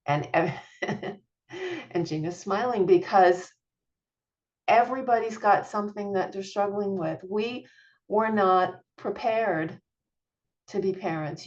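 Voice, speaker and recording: A woman's voice: medium pitch, expressive, a little slow, a little mellow, lo-fi sound. A middle-aged woman, a parent coach, giving an online masterclass in an earnest, encouraging, chatty way with small laughs.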